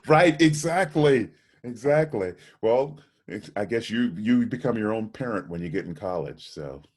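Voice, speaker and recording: A middle-aged jazz trumpeter being interviewed over a video call, telling lively anecdotes about his career. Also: lowish voice, normal speed, husky. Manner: animated storyteller, acts out voices in anecdotes.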